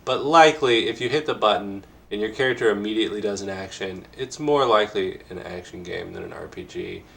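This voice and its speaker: A man's voice: on the low side, a little fast, vocal fry, a bit bright. A man co-hosting a casual game discussion, rambling and hesitant, with many fillers and restarts. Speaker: podcast co-host. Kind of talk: casual conversation about games.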